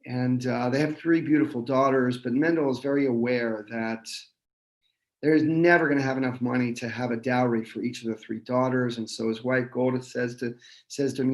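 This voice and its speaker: A man telling a folk tale at a synagogue service in a relaxed, halting way, recorded in an echoey room. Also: mid-range voice. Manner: relaxed, halting, many restarts.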